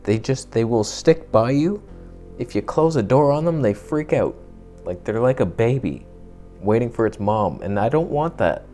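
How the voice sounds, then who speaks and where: A man's voice: medium pitch, expressive, normal speed, warm tone, faint music behind. A young man chatting casually to camera, telling rambling, jokey stories and swearing now and then. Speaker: vlogger.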